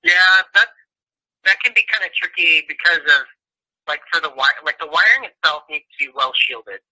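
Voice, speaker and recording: A man's voice: a little high, expressive, normal speed, pushed and bright, breathy edge, low-quality recording. A man as a guest in an interview, talking casually and rambling with many restarts.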